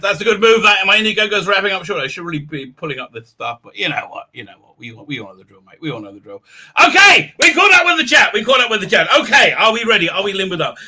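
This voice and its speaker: A man with an English accent hosting a livestream, rambling and crude, with lots of stammered restarts and loud laughs. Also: on the high side. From England. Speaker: livestream host. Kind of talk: casual livestream chat.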